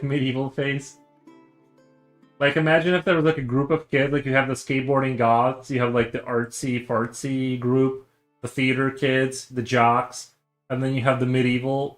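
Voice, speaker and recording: A man's voice: medium pitch, poor audio. A young man streaming his drawing, chatting casually and rambling with many fillers and restarts. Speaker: artist streamer.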